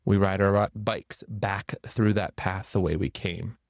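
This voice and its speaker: A man with a fairly low voice tells a personal story for a church series. He draws out some phrases and rushes others to build suspense. The sound is close and dry, with no room around it. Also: steady tone, no echo.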